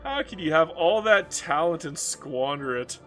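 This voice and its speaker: Male game streamer, casual rant, high voice, bright tone, laughs, stammering. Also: expressive, unhurried, faint music behind. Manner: laughing, ranting, stammering restarts. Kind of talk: casual chat while gaming.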